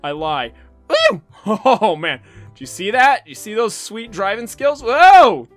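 A gaming channel host with a high voice speaks slowly while doing excitable, goofy let's-play commentary packed with exclamations and silly noises. Faint music plays in the background.

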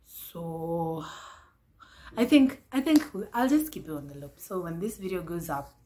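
Chatty, excitable young woman vlogger. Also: lowish voice, unhurried, a little hiss or hum. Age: 20s. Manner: chatty, excitable, repeats phrases. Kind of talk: casual chat to camera.

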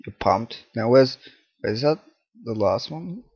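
A man's voice: medium pitch, lively intonation, slow pace, slightly rough, no echo, highs cut off. A man commentating his own horror game play, jumpy, swearing, laughing and talking to objects in the game. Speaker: gaming channel host.

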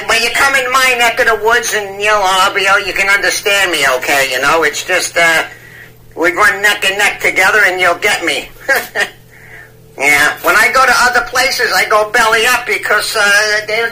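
A man's voice: high-pitched, pushed and bright. A man voicing a rambling 73-year-old man on a prank phone call, stammering and cackling while he mixes up idioms. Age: old man persona. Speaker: scam baiter.

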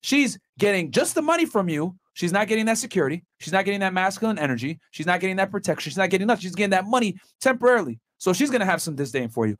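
Podcast host, man, slightly high voice, casual, halting with restarts. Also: big pitch swings, fairly bright tone. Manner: restarts and hedges with filler words. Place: podcast studio.

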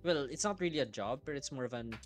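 A man's voice: medium pitch, animated, quick pace, soft background music. A young man from the Philippines co-hosting a casual podcast, joking and mixing in Tagalog words. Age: young adult. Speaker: podcast co-host. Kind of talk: casual chat.

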